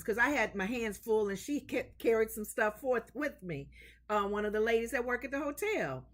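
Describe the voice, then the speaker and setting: A woman co-hosting a casual chat show, telling stories in an animated way. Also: on the high side, normal speed. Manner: animated storyteller, acts out voices in her stories. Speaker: co-host.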